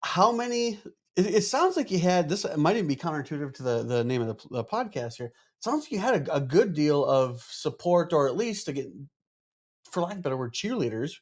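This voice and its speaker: Lively, rambling man hosting a podcast. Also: a little high, a little fast. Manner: rambling, restarts often, swears casually. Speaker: podcast host. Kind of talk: casual interview conversation.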